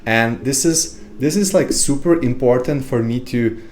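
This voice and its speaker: A man's voice: mid-range voice, unhurried, darkish tone, a little hiss or hum. Sarcastic rambling male podcast host. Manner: sarcastic, rambling with many fillers. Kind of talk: casual monologue.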